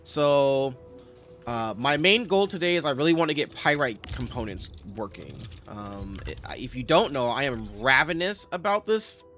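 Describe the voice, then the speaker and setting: A man talks through his factory game in a loose, chatty way, his pitch swinging up and down as he explains and corrects himself. Soft music plays faintly in the background. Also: sing-song, normal speed. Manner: rambling, self-correcting, chatty. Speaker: game streamer. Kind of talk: casual gameplay commentary.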